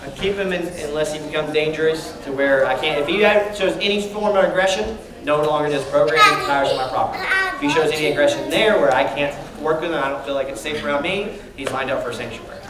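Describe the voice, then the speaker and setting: A fast-talking animal trainer works a crowd of kids, firing off questions and call-outs. The voice is picked up from well back in a big echoing hall, with a lively audience chattering all around. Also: medium pitch. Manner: energetic, calls out to the crowd and asks questions. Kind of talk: lively live presentation to children. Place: large indoor hall with an audience. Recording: echoey hall, distant mic, noisy crowd.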